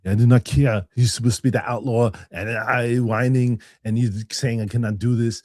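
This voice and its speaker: A man's voice: mid-range voice, fairly even intonation, normal speed, a little mellow, dry recording, lightly acted. A man doing an impression of a boastful, stubborn aging action star with a put-on Austrian accent and a clipped, defiant way of talking.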